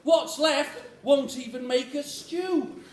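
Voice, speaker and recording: A man voicing a distraught mother in a comic poem, shouting in a high frantic voice. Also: slow pace. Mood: despairing. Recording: echoey hall with faint noise.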